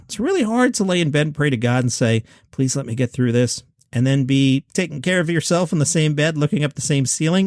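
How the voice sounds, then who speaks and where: A man hosts a podcast and retells a comedian's stories, slipping into the quoted voices as he goes. His pitch swings widely, sitting a little above the usual for a man. The sound is dry and close, with no room around it. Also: dry recording. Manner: animated storytelling, acting out quoted voices. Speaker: podcast host.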